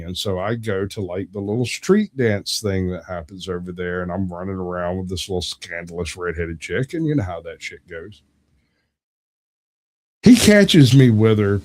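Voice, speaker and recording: Young man with a low voice, casual storyteller who acts out quoted voices and laughs easily. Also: darkish tone. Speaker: debate show guest.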